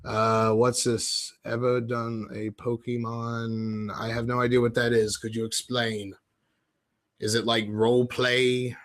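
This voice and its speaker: A man's voice: medium pitch, little pitch movement, slow pace. Rambling man with an affected British accent. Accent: affected British-sounding accent that comes and goes. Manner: rambling, chatty, self-deprecating, answers viewers' chat messages. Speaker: livestream host. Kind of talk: casual rambling livestream chat. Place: at home.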